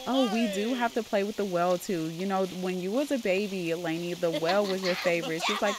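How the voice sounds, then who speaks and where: A woman's voice: medium pitch, fairly quick, hardly any pauses, noisy background. A woman casually narrating her life-sim gameplay, chatting and voicing each family member's lines herself. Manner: chatty, voices family dialogue. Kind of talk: casual let's-play narration voicing characters.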